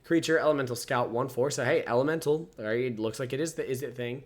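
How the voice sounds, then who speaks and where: A man's voice: medium pitch, fast talker. A man casually reading card text aloud and rating each card out of ten, yawning now and then. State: yawning, sleepy. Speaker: card game reviewer. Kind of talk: casual set review, reading cards aloud.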